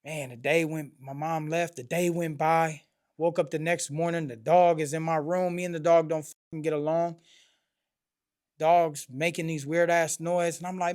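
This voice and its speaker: A man with a slightly high voice hosts a podcast and tells a personal story. He talks bluntly with plenty of profanity and street slang. His voice climbs in pitch and gets louder whenever he reenacts a remembered scene. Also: level tone, fairly quick, smooth, no echo, studio quality. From Oakland, California. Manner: raises pitch and volume when acting out past moments. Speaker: podcast host.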